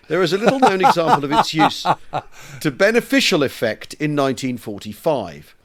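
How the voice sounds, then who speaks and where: Brief: male co-host, lively swooping delivery, slightly higher voice, relishes reading aloud. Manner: animated, reads letters aloud with relish. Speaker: podcast co-host. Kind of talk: casual history podcast chat.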